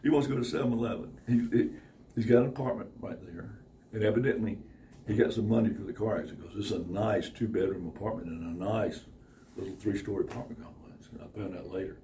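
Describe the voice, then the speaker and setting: A man's voice: on the low side, quick pace, mellow. Brief: a man spinning a rambling tale, foul-mouthed and chuckling, recorded a bit far off the mic with light background hiss. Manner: profane, laughs often while telling a story. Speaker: podcast guest. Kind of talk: casual storytelling. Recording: distant mic with faint background noise.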